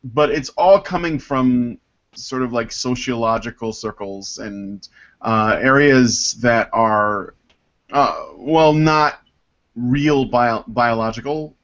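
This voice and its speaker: Male podcast host, mid-pitched, rambling and filler-heavy, dull lo-fi sound. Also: fairly bright tone. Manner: rambling, halting, with many fillers. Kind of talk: casual panel chat, reading listener mail.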